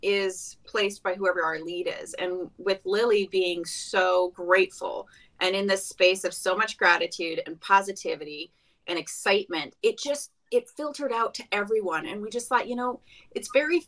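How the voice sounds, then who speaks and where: Bright-voiced woman leading a cast chat. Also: mid-range voice, moderate pace, low-quality recording. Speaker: actress and chat moderator. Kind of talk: casual virtual cast chat.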